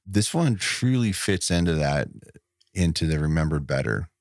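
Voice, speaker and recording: Podcast co-host, male, low and gravelly, dry close mic, rambling casual delivery. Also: sing-song, normal speed, no echo. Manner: rambling, laughs often, restarts sentences. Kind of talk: casual movie podcast chat.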